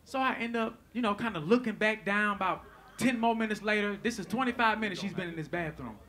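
A man doing stand-up comedy, telling a story in an animated, profane way and acting out the lines of people in it. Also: high-pitched, fast. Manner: animated, profane, acts out quotes.

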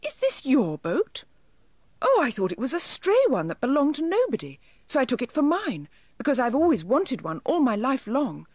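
A woman voicing a tiny, eager, fretful male elf with a small silvery voice, high and pleading, in a storybook reading. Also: wildly swooping pitch, moderate pace, a little mellow, no room sound, heavily acted. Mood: dismayed.

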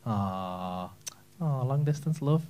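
A man's voice: fairly high pitch, lively intonation, fairly quick, a bit bright. A man with a Scouse accent doing stand-up crowd work on a comedy club stage, bantering cheekily with the audience and swearing freely. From Liverpool, England.

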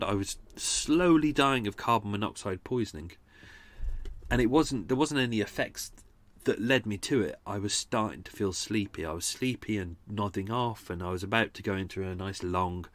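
Chatty, low-voiced man. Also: normal speed, fairly bright tone. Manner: chatty, rambling, self-correcting, with mild swearing. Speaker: podcast host. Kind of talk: casual storytelling.

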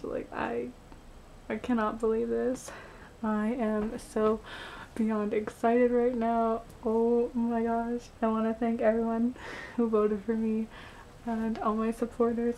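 A young woman vlogging, overtired, gushing and repeating herself in breathless excitement. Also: fairly high pitch, slight background noise, rough recording. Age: young adult. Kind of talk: excited vlog talk.

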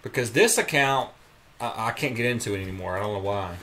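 A man's voice: fairly low pitch, animated, fast, a bit bright. A man chatting as a guest, rambling with many restarts. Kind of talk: casual chat.

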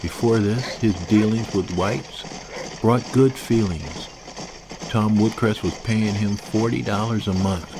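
A man narrating a historical novel in a measured, grave storytelling manner. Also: lowish voice, steady tone, background noise. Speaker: author and narrator. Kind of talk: scripted audiobook narration.

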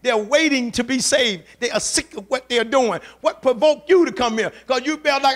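Male preacher, very high voice, fervent and colloquial, calls back and forth with the congregation. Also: brisk, few pauses, fairly bright tone. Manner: fervent, urging the congregation in call-and-response; colloquial, repeats phrases for emphasis. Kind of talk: sermon.

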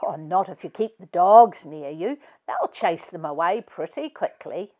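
Woman voicing a cheerful reassuring dad, slow, storybook read-aloud. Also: lowish voice, lively intonation, darkish tone.

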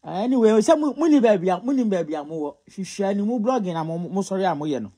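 A man's voice: sits high, expressive, fast, dark tone, slightly rough. A Ghanaian man giving casual gossip commentary, mocking and scolding as he mixes Twi and English. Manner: scolding, mocking, often laughing.

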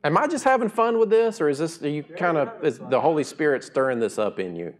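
A middle-aged man preaching a sermon in a casual, conversational way, swinging from quiet, slow asides to loud, high emphatic bursts. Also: lively intonation. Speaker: pastor.

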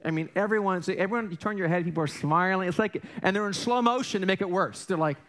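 Standing in a church sanctuary, a middle-aged pastor delivers a laid-back sermon in a high, fairly bright voice at a quick pace. He tells self-deprecating, humorous stories, often starts sentences over and asks the congregation rhetorical questions.

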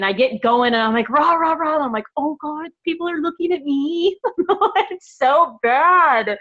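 A woman leading a casual team video call, bubbly and excitable, talking in a chatty, enthusiastic way. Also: on the high side, dull audio. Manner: bubbly, excitable, quick to laugh. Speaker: team leader on a coaching call. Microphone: video call microphone.

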